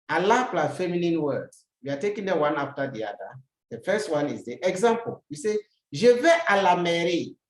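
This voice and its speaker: In a roomy, echoing space, a language teacher delivers a recorded lesson, saying each example sentence, translating it and then repeating it. Every so often the teacher puts a rhetorical question to the learner. The voice is at an ordinary pitch.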